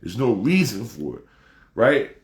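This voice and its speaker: A man's voice: on the low side, very animated, a little slow. Man ranting profanely in an echoey room. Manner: profane, emphatic, rising to shouts. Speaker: commentator. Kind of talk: heated casual rant.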